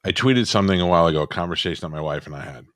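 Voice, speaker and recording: A man with a low, heavy voice chats loosely on a podcast and peppers his stories with profanity. The sound is close and dry, with no room around it. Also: rapid-fire, a bit bright, no echo. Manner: profane, storytelling banter. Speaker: podcast co-host. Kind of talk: casual chat.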